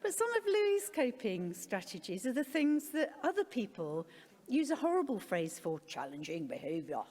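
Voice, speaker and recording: A middle-aged woman tells a personal story to a conference audience, frank and wryly self-deprecating. Her fairly high voice rises and falls a lot. The sound carries a long reverb from the large hall. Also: big pitch swings, moderate pace, a little mellow. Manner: candid, with wry self-deprecating humour. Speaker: conference speaker, parent.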